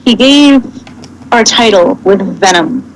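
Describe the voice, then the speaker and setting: A woman's voice: fairly high pitch, lively intonation, slow, slight background noise, rough recording. A woman reading a fanfic aloud as a podcast co-host, casual and comedic, often stumbling and correcting herself.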